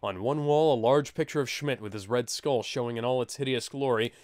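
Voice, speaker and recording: A man's voice: medium pitch, fairly quick, no room sound. Dry-voiced man reading a book aloud. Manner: wry, deadpan asides. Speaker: podcast host and reader.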